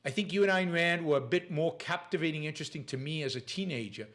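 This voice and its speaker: Reading out viewers' questions on his casual live Q&A show, an accented male host answers them with lots of fillers and restarts. He talks fast, in a voice that's on the high side and somewhat bright.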